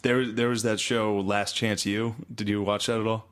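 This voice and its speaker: A man's voice: lowish voice, level tone, moderate pace, fairly bright tone. A man co-hosting a comedy podcast, laid-back, with short reactions and casual swearing. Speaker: podcast co-host.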